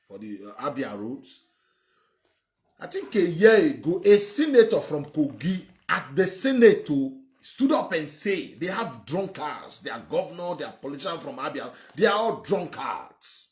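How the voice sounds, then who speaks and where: A man's voice: a little high, big pitch swings, unhurried. A man with a Nigerian accent, hosting and giving an emphatic, rambling opinionated monologue. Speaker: host.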